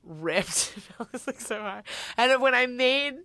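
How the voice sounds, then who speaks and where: A woman telling a story in casual chat, animated, swearing and quoting people as she goes. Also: fairly high pitch, takes it slowly, no echo.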